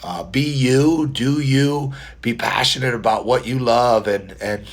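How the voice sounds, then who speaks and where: A man with a scratchy, strained voice, chatting quietly and rambling in a casual vlog, filmed on a phone indoors. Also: mid-range voice, measured pace. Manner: talking quietly to spare his voice; rambling, friendly, many fillers and restarts. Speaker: mustache vlogger.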